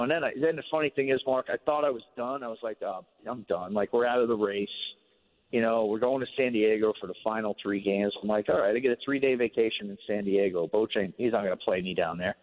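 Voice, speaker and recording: A man tells a long story as a radio guest, rambling easily and leaning on fillers. His voice sits in a middle register. It comes through a narrow, tinny phone line with a slight lingering reverb. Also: mid-range voice. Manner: relaxed, rambling, many fillers like "you know". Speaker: former ballplayer, guest.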